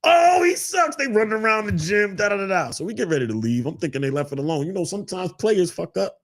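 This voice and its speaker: A man hosting a casual chat show, telling animated stories and mimicking others in high shouted voices. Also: quick pace. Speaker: podcast host.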